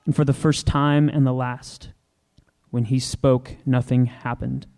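A man reading a scripture story aloud in a slow, solemn storytelling manner. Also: mid-range voice, level tone, a little mellow. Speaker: reader.

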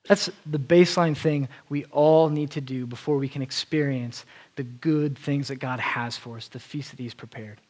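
A man's voice: medium pitch, steady tone, normal speed, darkish tone. A male preacher delivering an earnest sermon, often repeating a word as he restarts.

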